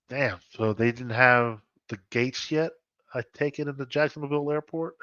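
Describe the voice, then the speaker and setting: A man's voice: medium pitch, unhurried, sharp tone, no room sound. Jokey guy on a stream call, teasing his buddy, dry and a bit muffled. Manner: joking, teasing, easy laugh. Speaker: co-host. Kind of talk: casual live-stream chat.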